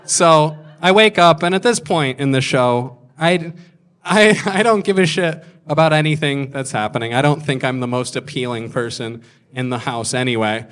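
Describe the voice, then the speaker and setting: Man in his thirties, stand-up comic, rambling, self-deprecating, swears a lot, mid-pitched voice. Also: normal speed, fairly bright tone, clean tone. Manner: rambling, self-mocking, swears freely, acts out voices in anecdotes. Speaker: stand-up comedian. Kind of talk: stand-up storytelling.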